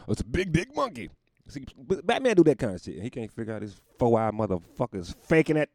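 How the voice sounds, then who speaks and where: A man's voice: medium pitch, big pitch swings, fast, darkish tone, no echo, studio quality. A man going on a rambling, profane comedic rant, often laughing at his own jokes.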